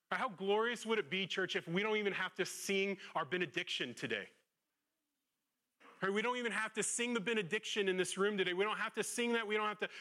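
Earnest man preaching, fairly high voice. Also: bright, forceful tone. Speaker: pastor. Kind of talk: sermon.

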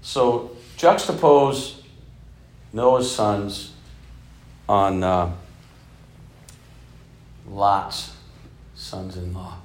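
A man in his fifties preaching a sermon as a bishop, telling stories and swinging between loud emphasis and soft, hushed passages. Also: lowish voice, drawn-out words, pauses often, roomy sound. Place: church sanctuary.

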